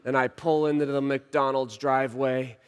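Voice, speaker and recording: A man in his thirties preaching a sermon, telling a story and swinging from hushed lines to shouts. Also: mid-range voice, level tone, moderate pace, clear, resonant tone. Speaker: pastor. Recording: long reverb of a large hall.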